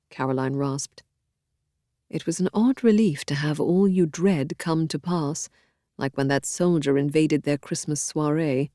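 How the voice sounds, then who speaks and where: Brief: audiobook narrator, woman, low and dark voice, dry close studio sound, measured and expressive. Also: no echo. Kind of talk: scripted narration of a historical novel.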